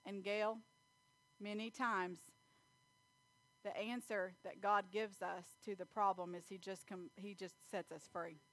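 A woman's voice: medium pitch, fairly even intonation, unhurried. A woman preaching a folksy sermon, telling family stories and reading scripture. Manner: folksy storytelling with Bible reading, laughs often.

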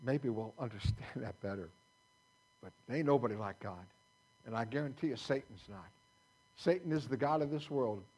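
A man's voice: medium pitch, moderate pace, darkish tone, breathy edge, low-quality recording. A man pastor preaching a sermon in a folksy, conversational way, quoting scripture to his congregation. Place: church sanctuary.

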